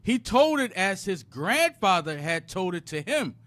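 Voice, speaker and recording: A man reading a text aloud in a Bible class. He reads in a measured way, one short passage at a time. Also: sits high, big pitch swings, fairly bright tone, dry recording.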